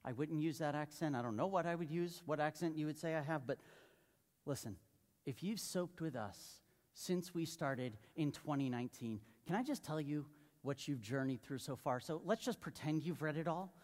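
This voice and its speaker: A male pastor delivers a sermon in a relaxed, conversational manner, joking and asking the congregation questions. His voice sits slightly higher than most men's. The sound carries the long reverb of a large church sanctuary. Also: moderate pace.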